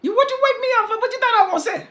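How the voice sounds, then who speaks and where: A woman's voice: extremely high pitch, racing, fairly bright tone, voice pushed up. A woman voicing an indignant old male prophet woken from the dead, scolding in an exasperated voice.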